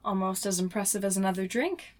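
Woman doing a jaded flight attendant, dry, mocking, mid pitch. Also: a little fast, natural voice. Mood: sardonic.

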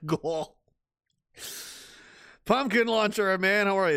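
A man's voice: high-pitched, slow, long pauses, fairly bright tone, smooth, dry recording, clean studio sound. A man reading viewer messages on a livestream, ranting and swearing, trailing off into mumbled asides. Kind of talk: profane livestream chat reading.

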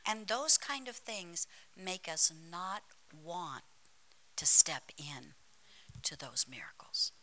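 Bright-voiced woman preaching, slow and emphatic. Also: fairly low pitch, sing-song, low-quality recording. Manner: emphatic, drops into dramatic whispers; storytelling with humor, calls to the congregation. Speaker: pastor. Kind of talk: sermon. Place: church.

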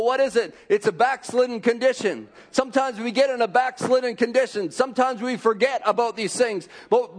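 A man preaching a fervent sermon, repeating phrases and rising to shouts. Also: very high voice.

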